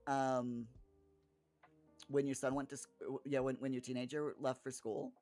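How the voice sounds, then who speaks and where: Man streamer, mid pitch, rambling casual chat with restarts, faint music underneath. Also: level tone, normal speed, darkish tone. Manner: rambling, with frequent restarts and chuckles.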